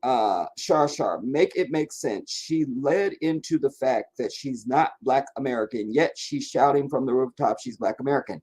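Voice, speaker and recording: A man hosting a live stream and answering viewers' comments, talking bluntly and emphatically, dropping to low mutters and rising to insistent points. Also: moderate pace, few pauses, darkish tone, breathy edge. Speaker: livestream host answering chat. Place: sitting in front of a camera for a live stream.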